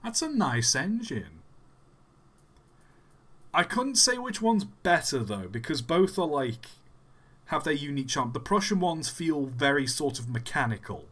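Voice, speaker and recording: Young man, live streamer, chatty, jokey, animated pitch. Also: measured pace, husky. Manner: chatty, jokey, trails off and restarts. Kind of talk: casual live-stream commentary.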